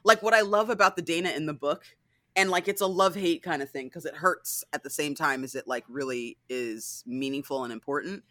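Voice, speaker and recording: Animated, profane woman with a bright voice. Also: low-pitched, fairly quick, no echo, clean studio sound. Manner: animated, profane, frequent "like" and "right?". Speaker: podcast co-host. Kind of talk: casual chat reviewing a TV adaptation.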